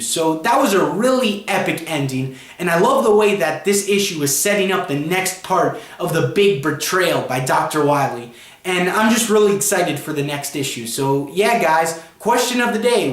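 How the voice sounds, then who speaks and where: A man's voice: fairly high pitch, lively intonation, moderate pace, reverberant. A man reviewing a comic book, rambling through the plot with a string of ands and you-knows. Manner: rambling retelling, chained with "and" and "you know". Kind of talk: casual plot recap vlog.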